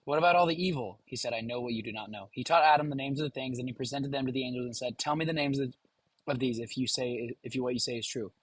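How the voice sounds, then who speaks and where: A man with a husky, breathy voice reads a passage aloud and chats informally to his viewers as a reaction host. The recording is dry and close, with no room echo. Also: mid-range voice, fast talker. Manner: informal, addresses viewers directly. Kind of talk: casual reading and commentary.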